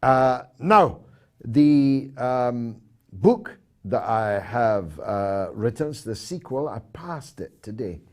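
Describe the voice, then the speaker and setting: A man hosting a talk show, reading out poll results and donations with dry, measured asides. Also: mid-range voice, lively intonation.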